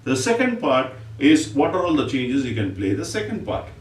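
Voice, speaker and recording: A man's voice: medium pitch, sing-song. Man teaching rhythm syllables. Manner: explains step by step, then recites drum syllables in quick bursts. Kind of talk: music lesson. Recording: echoey room, mic at a distance, faint noise.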